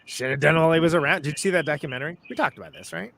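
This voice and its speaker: A man's voice: a little high, very fast, vocal fry, a crowd in the background. A man hosting a music podcast, chatting casually and joking with his guest. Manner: laid-back, joking, chatty. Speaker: podcast host.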